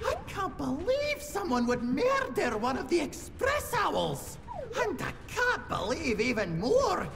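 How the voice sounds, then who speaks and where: A man's voice: very high voice, wildly swooping pitch, slow pace, gravelly, fairly bright tone, exaggerated voice. A man voicing a cranky male owl train conductor in a video game, rolling his R's and speaking in a blustery, indignant, theatrical way. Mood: suspicious. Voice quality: rolls his R's, dialect speech. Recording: reverberant noisy game audio.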